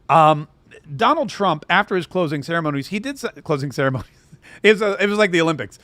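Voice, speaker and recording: A man's voice: a little high, expressive, fast talker, a bit bright, no echo. A man hosting political commentary, sarcastic and rambling, full of asides.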